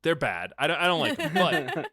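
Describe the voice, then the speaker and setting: Bright, crisp male co-host, dry close mic, animated and profane. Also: on the high side, normal speed, no room sound. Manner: animated, swearing, laughing. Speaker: podcast co-host recapping a film. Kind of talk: casual chat.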